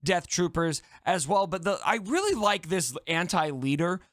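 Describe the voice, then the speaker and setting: A man appearing as a guest, talking enthusiastically and excitedly about game strategy. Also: sits high, normal speed, no room sound. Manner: excited, animated, hyped. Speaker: guest content creator. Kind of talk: enthusiastic gaming discussion.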